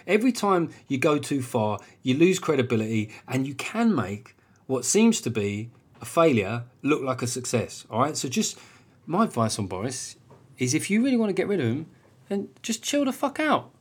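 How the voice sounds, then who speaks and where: A man's voice: big pitch swings, normal speed, husky. A man in his forties hosting a podcast, talking bluntly and casually with lots of swearing and "right?" tag questions. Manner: restless pitch jumps when emphatic. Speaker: podcast host.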